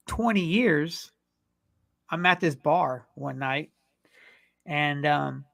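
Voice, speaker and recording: A man's voice: fairly high pitch, creaky, a bit bright. A man co-hosting a podcast, telling a rambling, profane story in casual chat. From California. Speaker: podcast co-host.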